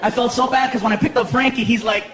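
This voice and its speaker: Lively stand-up comedian, a high-pitched man, performing live to a big laughing crowd in a noisy venue. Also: fast. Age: 30s. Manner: animated, lots of character voices and shouted punchlines. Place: large theater stage. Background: audience laughter and crowd noise.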